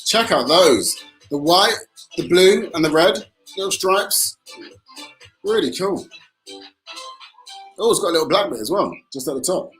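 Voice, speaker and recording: A man's voice: sits high, expressive, a little slow, long pauses, a bit bright, faint music behind. A man co-hosting a kids' painting class, upbeat, prompting and reassuring the viewers. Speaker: co-host. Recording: echoey room.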